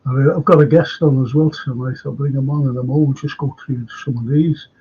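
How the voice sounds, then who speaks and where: A man hosting a live football fan show, rambling and indignant, with a gravelly voice on dull lo-fi audio. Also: medium pitch, fairly even intonation, a little fast, mellow, slight background noise. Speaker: football podcast host. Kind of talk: live-streamed fan chat.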